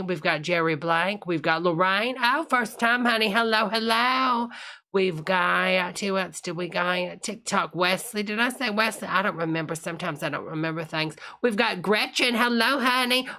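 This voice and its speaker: A woman's voice: medium pitch, pushed and bright. A woman hosting a casual live stream, chatting with viewers and calling everyone honey.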